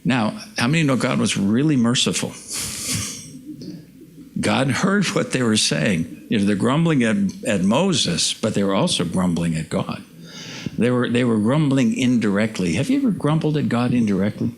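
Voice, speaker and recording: A man's voice: mid-range voice, animated, moderate pace, gravelly, a little hiss or hum. A man preaching a sermon as pastor, conversational and self-deprecating, asking the congregation questions. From United States. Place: church.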